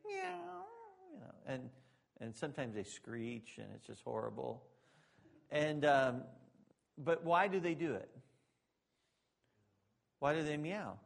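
A male pastor with a medium-pitched, creaky voice preaches unhurriedly, leaving long pauses. His sermon swings between loud, emphatic preaching and quiet, joking asides to the congregation.

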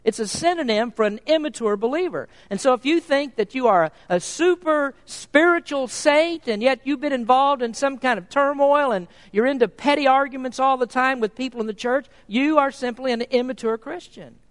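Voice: sits high, normal speed, hardly any pauses. A preacher delivering a sermon in an emphatic way, posing rhetorical questions and reading scripture in old-fashioned wording. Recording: long reverb of a large hall.

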